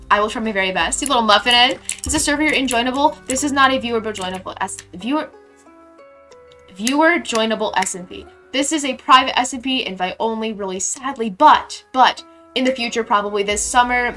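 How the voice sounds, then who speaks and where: Bubbly bright-voiced young woman streamer. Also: fairly high pitch. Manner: bubbly, reads chat aloud, sudden excited squeals. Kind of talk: casual live-stream chat while playing a game.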